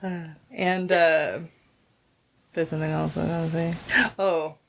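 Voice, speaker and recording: A woman's voice: sits low, level tone, measured pace, gravelly, a little hiss or hum. A young woman co-hosting a movie review show in casual chat, playful and giggly with lots of fillers.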